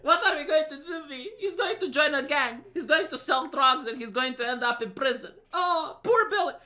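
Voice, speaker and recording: A man's voice: extremely high pitch, expressive, normal speed, pushed and bright, pitched above the performer's own voice, full character voice. A man putting on the voice of a frantic, panicking wife, laughing as he mocks her. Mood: panicked.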